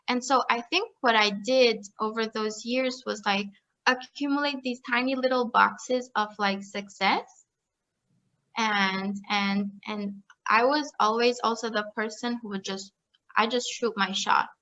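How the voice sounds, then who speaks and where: A young woman telling her story as a podcast guest, chatty and animated, with lots of "like" and frequent laughter. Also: a little high, unhurried, dull audio. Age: young adult. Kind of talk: casual storytelling interview.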